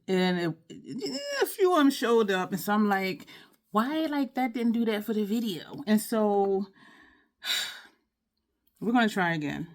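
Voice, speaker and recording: A woman talks through a makeup tutorial in a loose, rambling way. She sighs, apologizes and circles back over the same point with plenty of ums and restarts, at an ordinary mid pitch. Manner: frustrated, rambling, apologetic, repeats herself; sighs often, many fillers and restarts. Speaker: beauty vlogger. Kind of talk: casual makeup tutorial chat.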